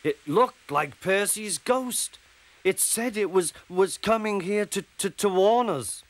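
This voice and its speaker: A man's voice: a little high, wildly swooping pitch, moderate pace, a bit bright, slightly rough, pitched above the performer's own voice, exaggerated voice. A man voicing a nervous male tank engine who stammers. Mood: scared. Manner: jittery, stammers.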